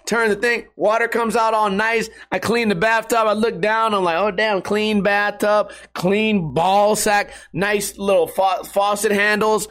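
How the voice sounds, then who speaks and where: A man's voice: high voice, steady tone, a little slow, few pauses, a bit bright. A young man streaming from home, telling crude, rambling stories in casual chat and laughing at his own jokes. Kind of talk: casual profane monologue.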